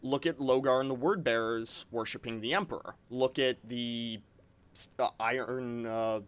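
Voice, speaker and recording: A man's voice: medium pitch, steady tone, measured pace, smooth. A man co-hosting a podcast, chatting casually and eagerly, often restarting his sentences and saying "like". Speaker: podcast co-host. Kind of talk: casual chat.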